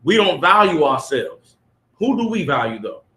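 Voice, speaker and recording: A man's voice: a little high, sing-song, moderate pace, sharp tone. A man leading a preachy lesson for a group, reading aloud and pressing them with rhetorical questions. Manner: emphatic, fires rhetorical questions at listeners. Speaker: study group teacher. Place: room with a group of listeners. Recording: echoey room.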